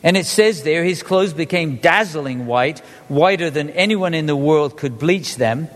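A man preaching a sermon in an animated way, often putting questions to his listeners. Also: fairly high pitch, unhurried, in a large hall. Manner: animated, asks the congregation questions.

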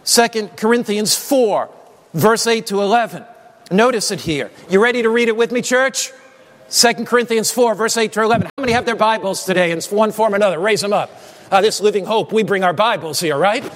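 In a church sanctuary thick with long hall reverb, a man preaches emphatically, prompting his congregation to shout responses. His voice is high and a bit bright, and he talks fairly quickly.

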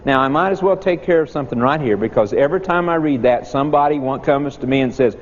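A man's voice: mid-range voice, fast talker, few pauses, slight background noise. A middle-aged man preaching a sermon in a folksy, storytelling manner. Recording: dull echoey hall recording.

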